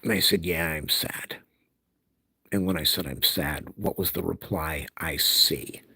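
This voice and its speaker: Man, angry rant, raspy husky tone, sharp edge, repeats himself. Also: a bass voice, measured pace. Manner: heated, repeating himself, recounting an argument.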